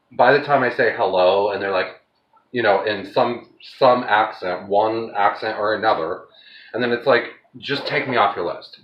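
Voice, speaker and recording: A man's voice: fairly low pitch, echoey room, highs cut off. A man chatting casually to his viewers while he cooks at home, rambling from one thought to the next. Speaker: home cooking vlogger. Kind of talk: casual cooking vlog chat. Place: home kitchen.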